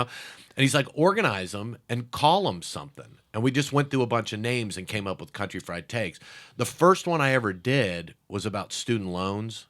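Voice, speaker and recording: A comedian telling animated stories in a casual interview, acting out quotes loudly and laughing through them. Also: male voice, lowish voice, normal speed. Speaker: comedian guest.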